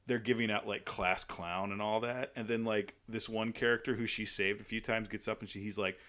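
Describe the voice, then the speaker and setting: A man co-hosting a podcast, telling stories in a rambling, animated way with lots of fillers. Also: fairly low pitch, fairly quick. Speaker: podcast co-host. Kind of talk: casual chat.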